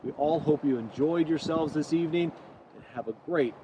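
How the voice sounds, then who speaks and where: A man's voice: on the high side, normal speed, highs cut off, noisy background. A man with a Midwestern American accent hosting a virtual fair event, upbeat and promotional. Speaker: event host.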